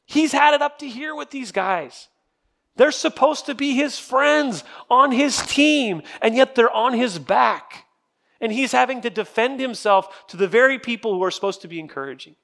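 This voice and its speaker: High-pitched male pastor, casual group teaching with lively scripture readings. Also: moderate pace, creaky. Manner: conversational, asks the group questions. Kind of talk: sermon Bible study.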